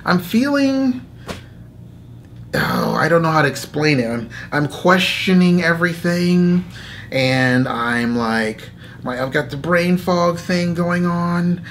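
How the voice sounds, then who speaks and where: Animated man telling a faith story. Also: on the high side, slow, a little hiss or hum. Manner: animated storyteller acting out inner dialogue; laughs often between phrases. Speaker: host. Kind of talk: casual spoken testimony.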